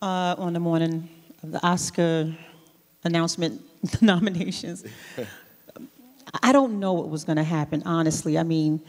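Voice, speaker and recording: Woman, New York, honoree onstage, lowish voice, animated storyteller, theater reverb. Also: moderate pace, long pauses. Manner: animated storytelling with laughs and restarts. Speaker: award honoree guest. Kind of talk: onstage interview conversation. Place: large theater stage. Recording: long hall reverb.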